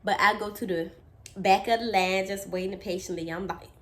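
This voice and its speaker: A woman telling a childhood story on her vlog, animated and dramatic, with lots of "like". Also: mid-range voice, normal speed. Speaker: storytime vlogger.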